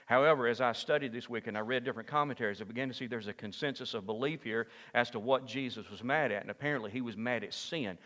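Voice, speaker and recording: A man preaching a sermon as pastor in a church, moving from hushed asides to loud, impassioned peaks. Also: mid-range voice, fast, few pauses, long reverb tail. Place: church sanctuary.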